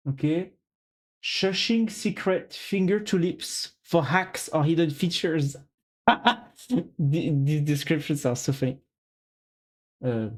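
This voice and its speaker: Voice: mid-range voice, a little slow, darkish tone. A streamer, chatting casually and playfully on a live stream, thinking aloud and joking at their own expense.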